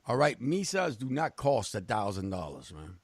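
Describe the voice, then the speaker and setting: Hombre animado que cuenta historias sin rodeos. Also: male voice, on the low side, normal speed, husky, dry recording. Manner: blunt, animated storytelling with profanity. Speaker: co-host. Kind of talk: casual radio chat.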